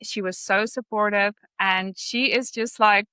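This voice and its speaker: A woman on a podcast, gushing and grateful as she talks, full of fillers. Her voice is bright and crisp, and the recording is close and dry. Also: mid-range voice, fairly even intonation, unhurried, dry recording. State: emotional. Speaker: podcast guest. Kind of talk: casual interview conversation.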